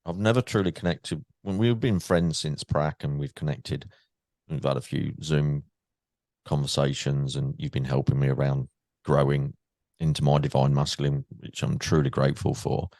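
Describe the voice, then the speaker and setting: A man's voice: a bass voice, steady tone, normal speed, darkish tone, no room sound. An English man hosting a podcast, chatting casually and laughing with his guest. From England. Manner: chatty, laughing, restarts often. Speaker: podcast host. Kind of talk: casual interview chat.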